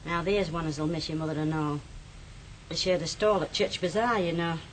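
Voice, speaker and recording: An actress playing a blunt older aunt, full of tart dialect sayings. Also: female voice, low-pitched, steady tone, normal speed, slight background noise, lightly acted, poor audio. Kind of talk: radio drama.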